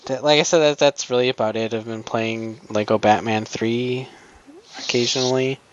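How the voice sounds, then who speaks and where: A man's voice: medium pitch, fairly even intonation, moderate pace, slight background noise. Rambling young man, dull lo-fi sound. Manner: rambling and hesitant, many ums, wry sarcasm. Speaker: podcast co-host. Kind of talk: casual chat. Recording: dull lo-fi audio.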